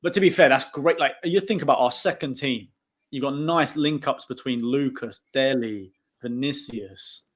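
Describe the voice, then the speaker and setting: Young man, casual football talk, host, laughs a lot, mid pitch. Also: moderate pace. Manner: chatty, laughing often. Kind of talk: casual post-match football chat.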